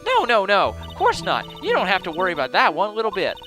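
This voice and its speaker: A man voicing a fussy old head nun with a bad back, in a put-on Southern US accent, high and fretful. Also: huge pitch swings, fast, over music.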